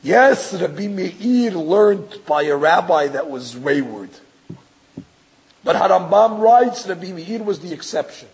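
A man's voice: sits high, expressive, slow pace, darkish tone, breathy edge, poor audio. A man, a rabbi giving a religious lecture, talking emphatically and rhetorically, stammering into restarts and acting out other people's voices. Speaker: rabbi teaching a class.

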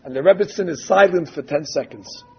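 A man's voice: fairly high pitch, fairly quick, slightly rough, faint music behind. A man giving a sermon as a religious teacher, telling stories and quoting texts emphatically, drawing out key phrases. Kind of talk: sermon with storytelling. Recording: dull lo-fi recording.

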